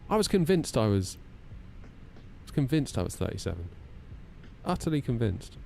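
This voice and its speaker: A man in his 30s streams himself flying a simulator from a home sim room, chatting and joking with viewers and poking fun at himself as he runs through checklists. His mid-range voice is sing-song, creaky and darkish, at normal speed, with a little hiss or hum.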